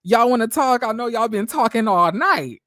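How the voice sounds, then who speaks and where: A man's voice: extremely high pitch, lively intonation, normal speed, sharp tone, no echo, studio quality. A man giving a casual, blunt recap of a reality TV episode, full of slang and restarts. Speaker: recap vlogger.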